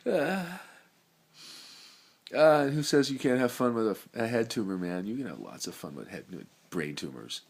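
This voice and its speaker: Here the same kind of rambling, free-associating monologue comes from a middle-aged man with a brain tumor, heavy on laid-back slang. His medium-pitched voice is animated, husky and full of vocal fry, moving at a moderate pace and swinging from loud to soft.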